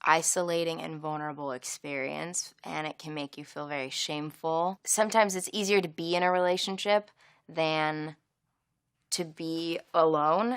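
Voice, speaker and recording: A woman's voice: sits low, fairly even intonation, normal speed, smooth, no room sound, studio quality. A young adult woman and songwriter talking openly in an interview, confessional and casually profane as she explains her own song. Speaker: singer-songwriter. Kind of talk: candid interview talk.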